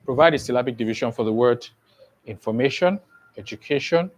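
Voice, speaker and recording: Male teacher, online lesson, slow repetitive explaining, frequent comprehension checks. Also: mid-range voice, expressive, rough recording. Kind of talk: online exam-prep lesson.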